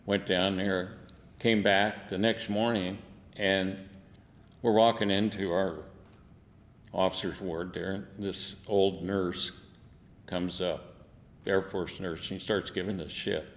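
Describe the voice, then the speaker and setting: A man's voice: low voice, steady tone, takes it slowly, pauses often, in a large hall. An older man, a veteran, telling war stories in an oral history interview, salty and laughing, acting out the quotes. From United States.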